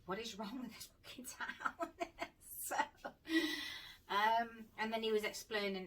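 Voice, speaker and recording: A woman's voice: on the low side, sharp tone, recorded from a distance, low-quality recording. A woman vlogger telling a personal story in a casual, chatty way, swearing freely and laughing often. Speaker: paranormal vlogger.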